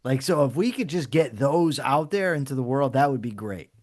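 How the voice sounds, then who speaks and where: A man's voice: medium pitch, animated, moderate pace, darkish tone. A man co-hosting a casual chat, speaking in an easygoing, joking way. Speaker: co-host.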